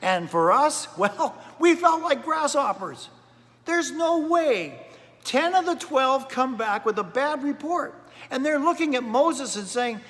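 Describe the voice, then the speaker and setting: A man's voice: very high voice, sing-song, unhurried, fairly bright tone, long reverb tail. A man pastor preaching a sermon in a chatty storytelling way, often repeating words as he goes. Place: church.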